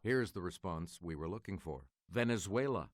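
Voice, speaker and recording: A man hosting a game show, reading quiz clues in a measured, formal manner. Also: low-pitched, lively intonation, no room sound, clean studio sound.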